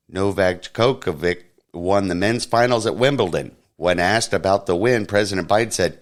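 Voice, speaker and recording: A man hosting a podcast, reading a satirical news roundup in a deadpan newsreader manner. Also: low-pitched, moderate pace, few pauses. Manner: deadpan mock newsreader, puts on silly voices for quotes. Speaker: podcast host.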